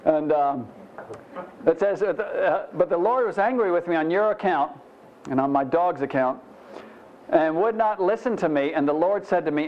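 A man teaches scripture in a relaxed, folksy sermon, dropping "you know" asides and poking fun at himself. His voice sits a little high for a man. The recording is dull and muffled. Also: normal speed. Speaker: pastor. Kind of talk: conversational Bible teaching sermon.

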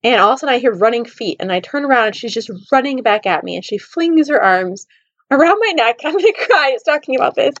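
A woman in her thirties hosting a podcast, telling personal stories in an animated, heartfelt way. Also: a little high, fast, no room sound, muffled recording. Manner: animated, emotional storytelling with laughs. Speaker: podcast host. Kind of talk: storytelling podcast monologue.

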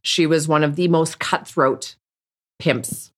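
A woman's voice: sits low, steady tone, slow pace. A woman speaking candidly as an interview guest, bluntly and with frequent restarts. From Canada. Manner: blunt, rambling, many restarts. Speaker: podcast guest.

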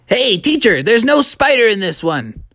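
A storyteller voicing an excitable young male frog who becomes a superhero, speaking shrilly and yelping when upset. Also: mid-range voice, takes it slowly, no room sound, clean studio sound. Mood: puzzled. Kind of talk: storytelling for children.

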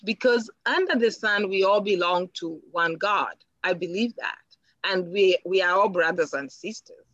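A woman from Africa speaks in a medium-pitched, slightly bright voice, recorded without echo and with the highs cut off. As a guest in a personal interview, she's earnest and reflective, often repeating words while she thinks.

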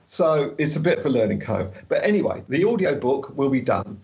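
A man chatting casually as a podcast co-host, animated and quick to laugh. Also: mid-range voice, lo-fi sound. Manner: chatty, animated, laughs easily, slows down for a careful read-aloud. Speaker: podcast co-host and travel author.

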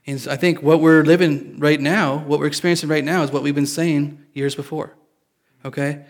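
A man's voice: on the high side, fairly even intonation, normal speed. A man preaching a sermon in a casual, confessional way, joking with his listeners. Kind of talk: conversational sermon.

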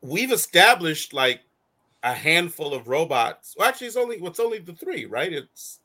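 A man with a bright, lively voice hosts a casual movie review chat. He talks in animated, slangy bursts, laughs often and acts out quotes in little voices. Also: fairly high pitch, moderate pace. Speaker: show host.

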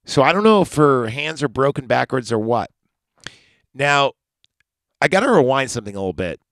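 A man's voice: mid-range voice, sing-song, normal speed, fairly bright tone, no echo, clean studio sound. A man hosting a podcast, casually recapping a film in a rambling, profane, sarcastic way. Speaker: podcast host.

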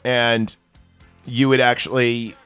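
A man's voice: medium pitch, level tone, slow pace, fairly bright tone, soft background music. A man co-hosting a podcast, recapping a movie in casual, rambling chat full of fillers and swearing. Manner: rambling, profane, lots of fillers. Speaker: podcast co-host.

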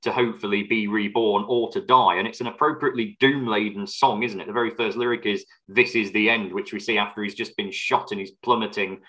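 A man with a somewhat low voice and a bright, forceful edge trades wry anecdotes in a casual podcast chat. He talks with lively emphasis, leaning into his stories. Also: fairly quick, hardly any pauses, rough recording. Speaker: podcast co-host. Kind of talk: casual chat about film music.

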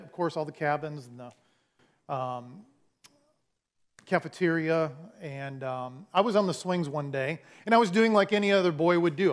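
High-voiced, folksy preacher man. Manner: folksy storytelling with humor. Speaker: pastor. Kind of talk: sermon.

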